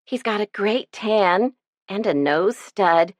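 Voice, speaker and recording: A woman's voice: medium pitch, animated, slow pace, no echo, studio quality, voice pushed up. Woman doing a blunt, moody teenage girl. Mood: sulky. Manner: blunt, emphatic.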